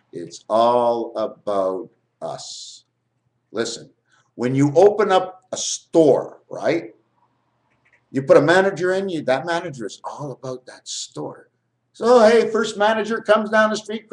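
A man vlogging a rambling spiritual monologue, jumping between topics and swearing. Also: a little high.

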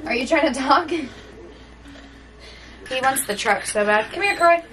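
A woman's voice: high-pitched, expressive, a little slow. A mother and family vlogger talking to her toddlers in patient, coaxing baby talk, praising them at home. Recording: noisy home video audio.

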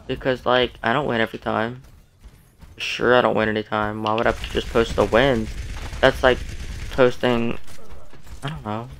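A young man giving casual, rambling commentary on his own game, excitable and poking fun at his losses. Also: mid-range voice, normal speed, pauses often, slight background noise. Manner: excitable, self-deprecating, rambling. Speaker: gaming streamer.

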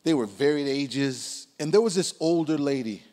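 A pastor in his sixties preaching a sermon, swinging between loud calls and hushed asides. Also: a little high, moderate pace, long reverb tail. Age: 60s. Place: church sanctuary.

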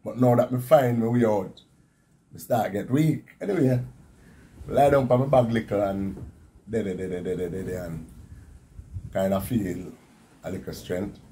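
Jamaican man in his fifties, mellow. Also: fairly low pitch, moderate pace, pauses often, slight background noise. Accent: Jamaican Patois. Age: 50s. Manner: animated storytelling, repeats words for effect. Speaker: interviewee. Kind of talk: telling his survival story.

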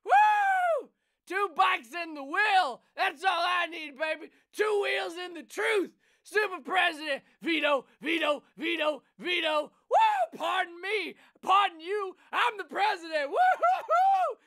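A man playing a brash, crude, boastful cyclist turned president, shouting improvised rants for a cartoon. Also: extremely high pitch, very animated, normal speed, vocal fry, full character voice.

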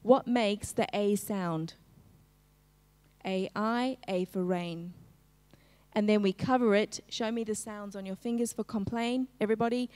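A woman teaching a live-streamed phonics lesson, slowly segmenting each sound in a word and prompting the class to join in. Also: medium pitch, darkish tone, long reverb tail. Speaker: literacy teacher.

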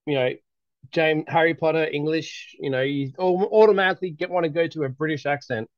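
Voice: medium pitch, steady tone, a little fast. Hesitant co-host on a lo-fi recording. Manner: hesitant, many fillers. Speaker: co-reader of a fan audiobook. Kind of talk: casual chat.

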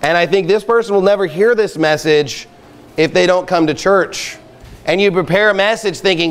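A man's voice: sits high, expressive, normal speed. A male pastor preaching a fiery sermon at a church camping trip, emphatic and exhorting. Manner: emphatic, rising to loud exhortation. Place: outdoor campsite gathering.

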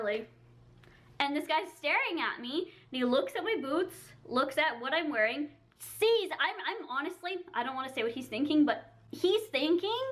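A young woman telling a storytime to camera, animated and gushing, with lots of "like" fillers. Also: high voice, brisk. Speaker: beauty vlogger.

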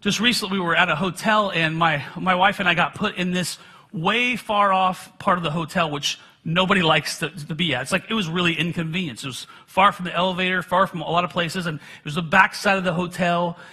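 A man's voice: high voice, a little fast, bright, forceful tone, breathy edge. A middle-aged man preaching a sermon, telling personal stories in a conversational way with self-deprecating humor.

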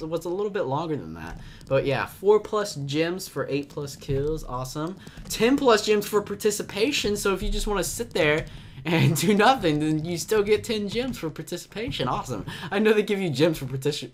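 A young man giving excitable, jumpy commentary on a game, with a slight cough and frequent yelps and laughs. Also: a little high, slight background noise. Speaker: gaming commentator. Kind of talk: casual Minecraft gameplay commentary.

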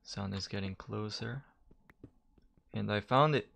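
Lowish, gravelly and a bit bright, this gamer talks a little slowly through chatty let's-play commentary. He pokes fun at himself and curses when something startles him; he's on a desk mic with headphones on.

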